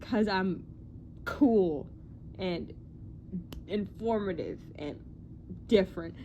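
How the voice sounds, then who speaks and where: A young woman chatting casually in a vlog about movie news, excitable and rambling, often self-deprecating and full of "like". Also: mid-range voice, takes it slowly, highs cut off, a little hiss or hum.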